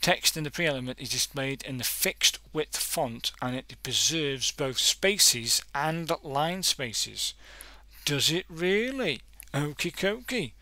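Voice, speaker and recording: A man's voice: medium pitch, expressive, slow pace, hardly any pauses, sharp tone, dry recording. A man hosting a casual coding tutorial, thinking aloud and correcting himself as he clicks through examples. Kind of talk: casual screen-recorded tutorial.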